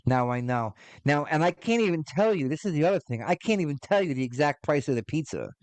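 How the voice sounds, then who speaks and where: A man in his forties hosts a podcast, ranting casually with plenty of swearing and rambling asides, profane and exasperated. His voice is fairly high, expressive and darkish in tone, delivered fast on a dry recording.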